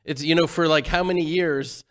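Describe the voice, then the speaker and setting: Emotional storytelling man, fairly high voice. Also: fairly even intonation, moderate pace. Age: 40s. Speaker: radio co-host. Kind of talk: casual radio chat.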